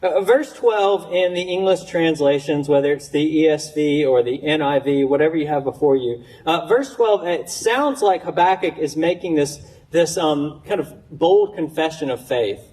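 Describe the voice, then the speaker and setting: Higher-voiced pastor preaching from a distance. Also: male voice, moderate pace, few pauses, darkish tone. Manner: conversational preaching, stammering restarts, voicing questions with rising pitch. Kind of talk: sermon. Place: church sanctuary.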